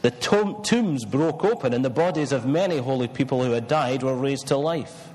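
A man reads a long scripture passage in a steady, measured voice before easing into a sermon full of small hesitations. His voice sits at an ordinary pitch and trails into the long reverb of a church hall. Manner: measured reading, then hesitant with fillers. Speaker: preacher.

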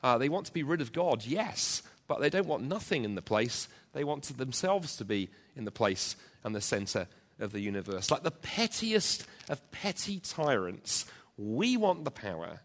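A man's voice: medium pitch, big pitch swings, moderate pace. A man preaching an emphatic sermon to a church congregation, driving points home with rhetorical repetition. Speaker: pastor. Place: church, also live-streamed.

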